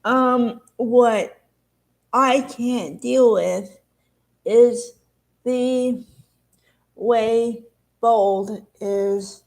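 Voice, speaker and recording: Slow-talking candid woman vlogger. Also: on the high side, darkish tone. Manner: candid, rambling, confessional. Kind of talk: emotional casual talk to camera.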